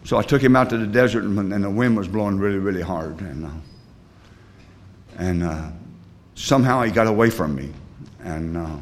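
Folksy low-voiced man telling a story. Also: moderate pace, pauses often. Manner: folksy, rambling, with many fillers; plain rural grammar. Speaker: recovery sponsor sharing his story. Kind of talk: personal storytelling talk.

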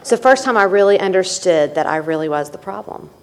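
Woman, earnest personal testimony, lowish voice, reverberant meeting hall. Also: animated, fast talker. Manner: candid and earnest, with repeated phrases and restarts. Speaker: recovery meeting speaker. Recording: echoey hall.

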